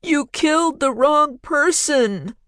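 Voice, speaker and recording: A frightened man whose desperate cry rings out high and shrill in an audiobook. The voice lands far above the reader's own. It comes across dry and close. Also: expressive, takes it slowly, bright, forceful tone, no echo, full character voice. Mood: panicked. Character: frightened man's remembered cry, echoing.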